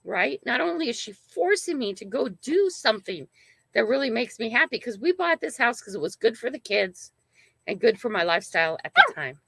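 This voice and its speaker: Older woman host, gravelly, dry close sound, rambling emphatic storyteller. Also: on the high side, sing-song, a little fast, pushed and bright, dry recording. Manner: rambling, emphatic, frequent "right?" and "okay?". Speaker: channel host. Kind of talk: casual livestream storytelling.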